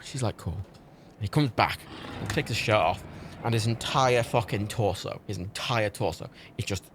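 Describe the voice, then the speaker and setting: A man's voice: fairly low pitch, moderate pace, a bit bright, slight background noise. A young man streaming a game, rambling through stories and swearing freely in casual chat. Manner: rambling, swearing, laughing storyteller. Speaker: livestream gamer.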